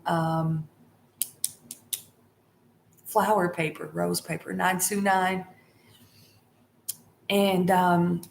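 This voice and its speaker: A middle-aged tarot vlogger tells her viewers a rambling story packed with fillers and restarts. Her voice is on the low side and creaky, recorded in an echoey room with faint hiss.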